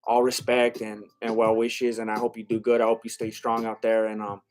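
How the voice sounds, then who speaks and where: A man's voice: on the low side, monotone, brisk. A man doing live-stream reaction commentary, reading chat aloud and talking straight to his viewers with many restarts. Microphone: laptop setup.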